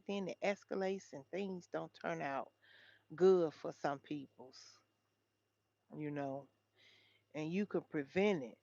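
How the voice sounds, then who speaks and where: This woman hosts a livestream, chatting casually and reading headlines straight to her viewers. Her medium-pitched voice has a darkish tone, with no echo and a dull, dry, lo-fi sound.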